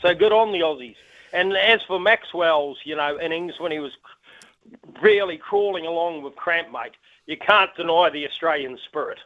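A man's voice: on the high side, moderate pace. A man calling in to talkback radio, passionate and emphatic. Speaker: caller. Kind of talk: phone-in call. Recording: tinny phone line.

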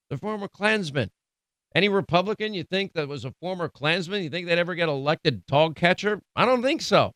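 Middle-aged guy ranting on talk radio, sarcastic, kinda high voice, dry close mic. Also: lively intonation, a little fast, fairly bright tone, no room sound. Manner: indignant, emphatic, sarcastic. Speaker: radio talk show host. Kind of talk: political commentary.

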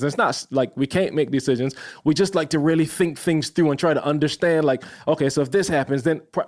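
A man talking earnestly on a podcast, slowing down to stress points and asking rhetorical questions. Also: fairly high pitch, a little mellow. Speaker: podcast guest. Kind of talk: reflective podcast conversation.

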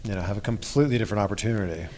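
An interviewer asking relaxed, encouraging follow-up questions in a conversation. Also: low-pitched, racing, a little hiss or hum.

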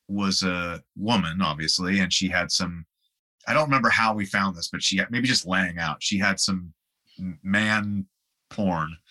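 A man's voice: sits low, bright, forceful tone. A man, a guest musician, telling rambling anecdotes in a casual interview and laughing along the way.

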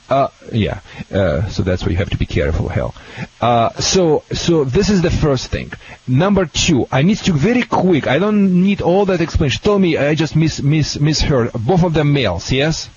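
A man with a Russian accent gives dog-training advice to callers on a call-in radio show, talking in a halting, jokey, excitable way. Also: mid-range voice. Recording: dull lo-fi radio audio with faint hiss.

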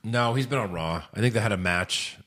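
A man's voice: lowish voice, fairly quick, a bit bright. A man co-hosting a casual podcast chat, tossing in exclamations and playful comparisons. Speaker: podcast co-host.

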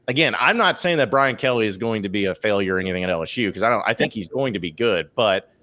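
A man's voice: lowish voice, expressive, fast, bright, forceful tone. A man in casual conversation, rambling and joking, often breaking into jokey put-on voices. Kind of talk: casual chat.

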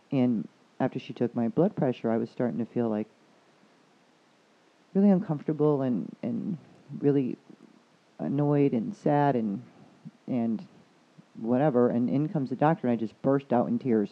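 A woman chatting casually about energy and spirituality, telling a rambling story and quoting others with a lively voice. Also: extremely low pitch, moderate pace, long pauses. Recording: tinny phone-like line.

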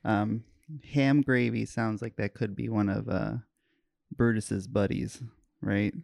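A man's voice: on the low side, steady tone, takes it slowly, creaky, darkish tone, no echo, clean studio sound. A man on a trivia podcast musing aloud over guesses in casual chat.

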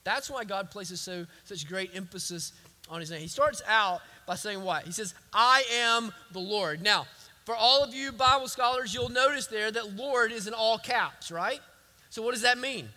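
A man's voice: sits high, expressive, moderate pace, sharp tone, big-room sound. A man preaching a sermon as a pastor, emphatic and repetitive.

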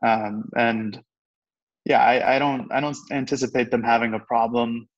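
A man's voice: medium pitch, fairly even intonation, normal speed. Young man on a dull, lo-fi line. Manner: easygoing, hesitant with fillers. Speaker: co-host. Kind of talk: casual sports talk.

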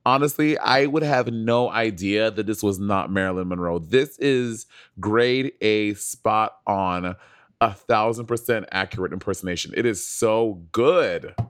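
A man's voice: lowish voice, unhurried, no echo. Gushing male co-host, dry sound. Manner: enthusiastic, gushing. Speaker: podcast co-host. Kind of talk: casual podcast chat.

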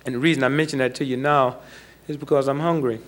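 A man doing a stand-up comedy set on a TV show, telling stories with deadpan punchlines before a live studio audience. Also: medium pitch, fast.

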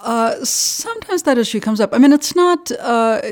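A woman's voice: a little high, animated. Thoughtful older woman. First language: Russian. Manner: thoughtful, explains at length with frequent pauses to find the word. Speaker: translator and guest. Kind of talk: interview conversation.

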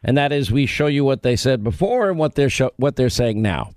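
A man's voice: mid-range voice, expressive, brisk, darkish tone, no echo. Man hosting talk radio, studio mic, dry sound, joking banter.

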